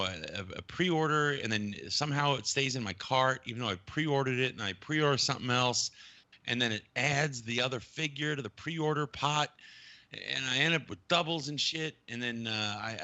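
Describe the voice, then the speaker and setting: A man's voice: medium pitch, sharp tone, no room sound. A man in casual podcast chat, rambling and swearing as he laughs at his own habits. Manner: rambling, profane, self-mocking.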